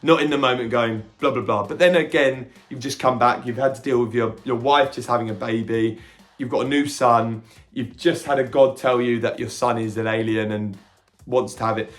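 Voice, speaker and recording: A man hosting a podcast, retelling a film with animated energy, jumping into quick character quotes and stumbling over restarts now and then. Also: mid-range voice. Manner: occasional stammering restarts. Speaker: podcast host reviewing a film. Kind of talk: casual film reaction recap.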